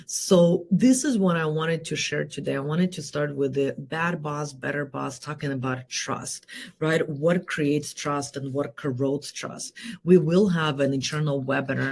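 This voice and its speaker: A woman hosting a solo leadership talk, energetic and rhetorical, often tagging her points with a quick question. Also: low-pitched, vocal fry. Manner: energetic, rhetorical, keeps asking "right?". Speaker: host and leadership coach.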